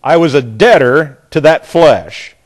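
Middle-aged guy teaching bible study, kinda high voice, emphatic, repeats himself a lot. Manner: deliberate, emphatic, repeats words while thinking.

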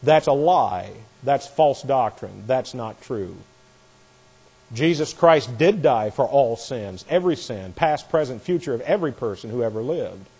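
Forceful male bible teacher in a hall. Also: medium pitch, lively intonation, a little slow, breathy edge. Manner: forceful, scornful of false doctrine. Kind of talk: sermon.

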